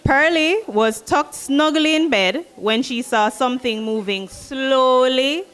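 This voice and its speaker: Bright high-voiced woman reading to kids. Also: takes it slowly, smooth. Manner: chatty, playful, engaging the children. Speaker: guest reader for children. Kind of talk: chatting with children and reading aloud.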